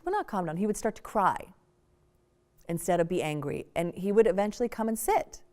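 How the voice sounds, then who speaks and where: Animated woman leading a parenting workshop. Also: mid-range voice, fairly quick. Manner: animated, conversational, acts out examples. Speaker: workshop speaker. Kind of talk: parenting workshop talk to an audience.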